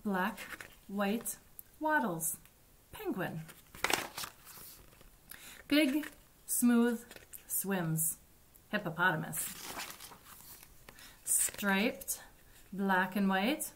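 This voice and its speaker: A woman librarian reading picture books aloud to children at story time, with a gentle, deliberate delivery. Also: mid-range voice, slight background noise.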